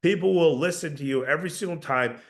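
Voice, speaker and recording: A man's voice: fairly high pitch, fast. A man coaching door-to-door salespeople, emphatic and confident, often repeating words as he starts a sentence. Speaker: sales trainer.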